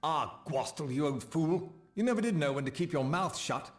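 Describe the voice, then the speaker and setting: An actor playing a friendly, talkative old dark elf merchant in a video game, with a bright, happy-sounding voice and a habit of letting secrets slip. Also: male voice, fairly high pitch, expressive, moderate pace, crowd noise, close to an everyday voice. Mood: flustered. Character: cheerful old dark elf merchant, chatty and loose-lipped.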